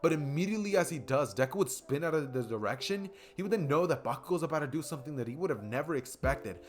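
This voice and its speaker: A man's voice: fairly high pitch, animated, fast talker, soft background music. A young man casually narrating a fan story he makes up as he goes, rambling, with fillers.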